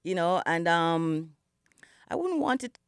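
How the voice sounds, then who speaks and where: A woman's voice: lowish voice, big pitch swings, slow, smooth, no room sound, studio quality. A middle-aged Jamaican woman, a singer, speaking reflectively in a radio interview, still in her morning voice and dotting her speech with "you know". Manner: reflective, storytelling, many "you know" fillers. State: morning voice, not yet warmed up. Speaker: singer and guest. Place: radio studio.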